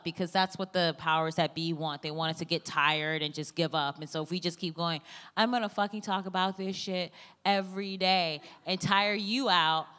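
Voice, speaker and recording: A woman comedian talking candidly onstage, blunt and profane, with animated joking. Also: fairly low pitch. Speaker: comedian guest. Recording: long hall reverb.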